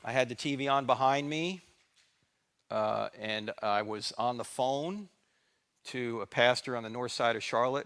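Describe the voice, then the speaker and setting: A man's voice: mid-range voice, creaky, a bit bright. A middle-aged man giving a talk in a church, dramatic and sarcastic, acting out bits of dialogue. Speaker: guest speaker. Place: church sanctuary.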